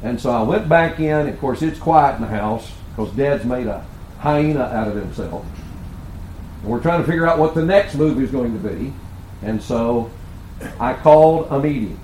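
A man's voice: medium pitch, animated, normal speed, a little mellow, a little hiss or hum. Earnest older man preaching a sermon. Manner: earnest, folksy storytelling. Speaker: preacher speaking to pastors.

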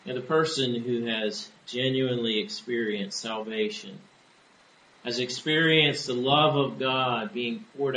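A man preaching a sermon in an earnest, measured way. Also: medium pitch, pushed and bright, echoey room, slight background noise, low-quality recording. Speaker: pastor.

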